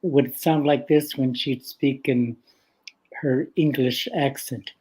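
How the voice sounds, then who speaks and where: An older man from the west coast of Vancouver Island, a guest storyteller telling stories in an unhurried, gentle way with frequent laughter. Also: mid-range voice, steady tone, breathy edge, rough recording. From west coast of Vancouver Island, Canada. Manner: unhurried and gentle, laughs often between phrases. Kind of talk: casual spoken storytelling.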